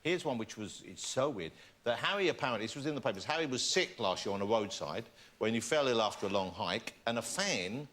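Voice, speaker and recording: A man's voice: medium pitch, animated, a little fast. A man hosting a chat show, teasing his guests in a playful, jokey way. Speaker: talk show host. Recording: studio with loud audience and noise.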